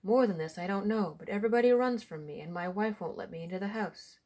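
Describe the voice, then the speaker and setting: A baffled, indignant village man from a folk tale, protesting and pleading to be believed, as a woman reading the story puts him on. He speaks urgently, a touch louder than the narration. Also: mid-range voice, fast, natural voice. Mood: bewildered.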